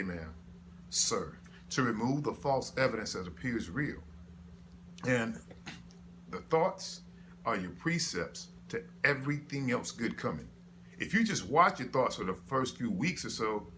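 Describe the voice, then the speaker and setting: A man's voice: medium pitch, bright, forceful tone, a little hiss or hum. A man giving a casual motivational sermon, talking to his listeners in a preachy, conversational way with rhetorical questions. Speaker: motivational speaker.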